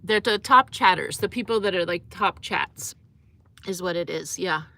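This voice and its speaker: A woman's voice: on the low side, moderate pace, gravelly, pushed and bright. A young woman hosting a casual livestream, chatting loosely with lots of fillers and laughs as she reads comments. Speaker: livestream host.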